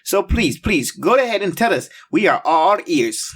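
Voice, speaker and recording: A man hosting a children's show, coaxing viewers through slow, emphatic call-and-response. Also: high-pitched, big pitch swings, a bit bright, breathy edge. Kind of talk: upbeat kids' show hosting.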